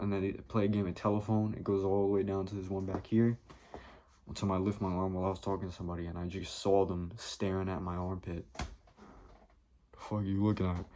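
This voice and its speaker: A man's voice: sits low, mellow, a little hiss or hum. A man vlogging in a rambling comedic monologue, profane and jumping from topic to topic.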